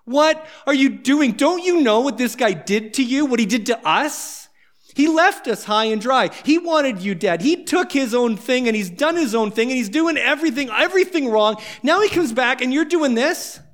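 A man voicing a resentful older brother complaining loudly about unfairness. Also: very high-pitched, expressive, moderate pace, pitched above the performer's own voice. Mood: outraged. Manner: outraged, whiny, complaining.

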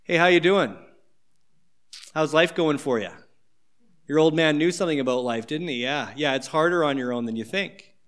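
A man's voice: on the high side, normal speed, long pauses, fairly bright tone, lightly acted. A man voicing a stern, disappointed middle-aged father who lectures his returning son. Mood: scolding. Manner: lecturing, condescending.

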